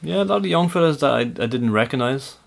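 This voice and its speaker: A man's voice: a little high, expressive, quick pace, vocal fry. A man co-hosting a fan podcast, teasing and joking. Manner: jokey, teasing. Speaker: podcast co-host. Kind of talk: casual chat.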